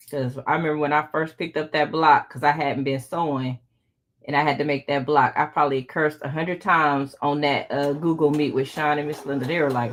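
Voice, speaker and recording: Chatty woman with a lowish voice. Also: fairly even intonation, normal speed. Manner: chatty, talks to viewers while working. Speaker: quilting channel host. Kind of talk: casual live sewing tutorial.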